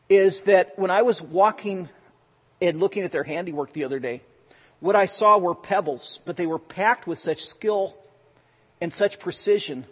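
A man preaches a sermon in an easy, conversational way and weaves in everyday stories from his own life. His voice sits a little high with a husky edge, and he moves between raised passages and near-hushed ones. The recording is dull and lo-fi, with a long reverb from a large hall. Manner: conversational preaching with personal anecdotes, swings from loud to hushed. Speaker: pastor.

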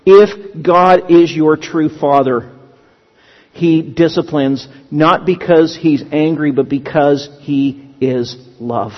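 A man's voice: fairly high pitch, slow pace. A male pastor preaching a sermon in a conversational teaching manner, with humorous asides. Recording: dull lo-fi sound with long hall reverb.

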